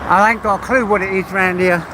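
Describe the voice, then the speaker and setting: A man's voice: high-pitched, steady tone, brisk. A man with an East London accent, chatting casually and rambling while he walks his dog on a busy street. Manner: rambling, chatty, mild swearing. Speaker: vlogger. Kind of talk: casual live chat while walking a dog. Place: outdoors on an urban street with traffic. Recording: outdoor street noise and traffic.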